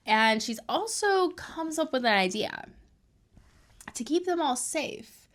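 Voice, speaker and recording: A woman hosting a casual recap of a reality show, retelling events in a chatty, animated way with lots of fillers. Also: fairly high pitch.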